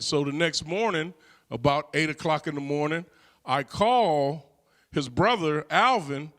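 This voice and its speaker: A man's voice: a little high, a little slow, a bit bright. A middle-aged man from California telling a personal life story in a conversational way, with frequent "you know" fillers. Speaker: guest.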